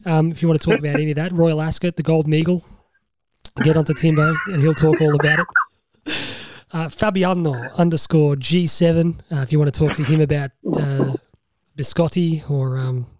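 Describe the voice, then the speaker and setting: A man's voice: fairly high pitch, steady tone, moderate pace, pauses often, darkish tone, no room sound. An Australian man hosting a podcast over a video call, talking casually and animatedly, laughing often and swearing now and then. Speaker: podcast host. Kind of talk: casual chat.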